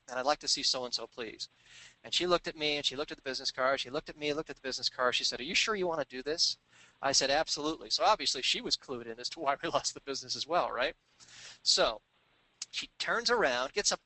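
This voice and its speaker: A man telling a sales anecdote in an animated, conversational way, acting out the people he quotes. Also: medium pitch, no echo, poor audio. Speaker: sales trainer telling a story. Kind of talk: storytelling business talk.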